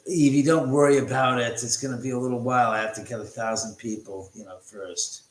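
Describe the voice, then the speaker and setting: Recorded on a phone in an echoey room, a middle-aged livestream host chats casually from his house, joking with viewers and swearing freely while reading their comments. His voice is mid-range, steady, and fairly quick.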